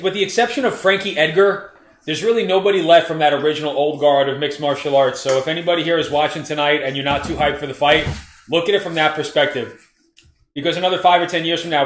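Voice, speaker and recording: A man with a slightly high voice who jokes and rambles, swearing now and then as he co-hosts a live fight stream. He sounds like he is in a living room. The sound is roomy and echoey. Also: a bit bright. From Florida. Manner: joking, rambling, profane. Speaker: co-host. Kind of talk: casual live-stream chat and commentary.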